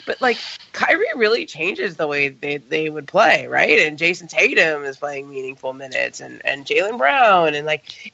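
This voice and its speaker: Female co-host, gravelly edge, conversational, dry and slightly dull recording. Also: low voice, pushed and bright, no room sound. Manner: chatty, lots of "like" and "right?". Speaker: podcast co-host. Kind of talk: casual sports talk.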